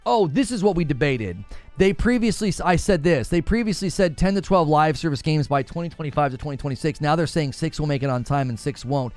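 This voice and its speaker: A man's voice: fairly high pitch, a little fast, no echo, soft background music. A man hosting a casual gaming news live stream, talking straight to his chat and mimicking other people's voices. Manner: animated, talks to chat, mimics others in raised voice.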